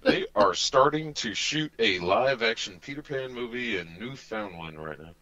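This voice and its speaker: A man calling into a podcast, laid-back and tossing in quick quips. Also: medium pitch, lively intonation, bright, forceful tone, dull audio. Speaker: caller.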